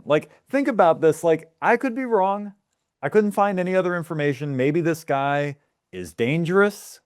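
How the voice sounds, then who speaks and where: A man's voice: a little high, expressive, normal speed, dry recording, clean studio sound. A man co-hosting a casual podcast, ranting with mock outrage. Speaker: podcast co-host. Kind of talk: casual chat.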